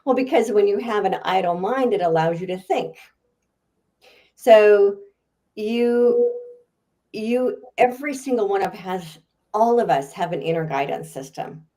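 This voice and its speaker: A woman who is a guest author and speaker answers questions in a podcast interview, chatty and animated and laughing often. Her pitch is medium and her pace a little slow.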